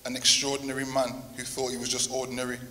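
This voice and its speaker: A man reading a eulogy for the grandfather who raised him, with a steady, even delivery. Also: mid-range voice, quick pace. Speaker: grandson giving a tribute. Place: church. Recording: long hall reverb, faint noise.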